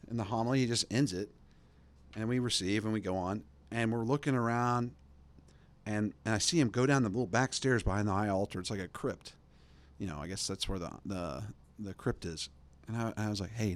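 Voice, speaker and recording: A man hosting a podcast, telling a rambling, animated story in casual chat and acting out the voices of the people in it. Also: on the low side. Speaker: podcast host.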